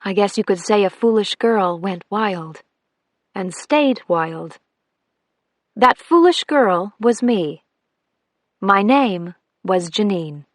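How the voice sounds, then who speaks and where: A woman narrating a first-person audiobook with measured, wry storytelling. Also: mid-range voice, animated, no room sound, studio quality.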